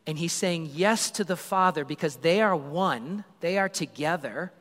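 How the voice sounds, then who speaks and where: High-voiced animated preacher in a hall. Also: male voice, unhurried. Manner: animated storytelling, acts out crowd voices. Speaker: pastor. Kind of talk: sermon.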